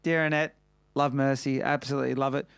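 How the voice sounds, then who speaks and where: A man's voice: mid-range voice, little pitch movement, fairly quick, gravelly, clear, resonant tone, no room sound, studio quality. An Australian man hosting a casual chat show, chatty and exuberant with plenty of slang. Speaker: podcast host.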